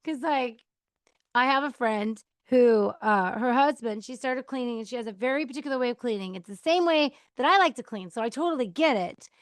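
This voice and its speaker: A podcast host with a slightly high voice talks briskly and casually about choosing peace, acting out quoted replies and laughing now and then in a chatty advice monologue. A mic on a counter picks her up with no echo.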